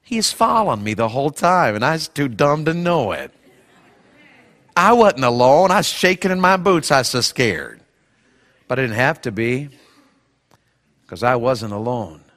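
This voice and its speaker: A man's voice: mid-range voice, animated, normal speed, long pauses, fairly bright tone, big-room sound. A male pastor preaching a sermon, telling a folksy personal story and acting out the voices in it.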